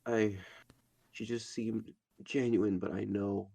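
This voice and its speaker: A man's voice: fairly low pitch, flat delivery, slow pace, gravelly, mellow, heavily acted. A man playing a shy, witchy outsider teen in a tabletop role-play, speaking hesitantly and defensively.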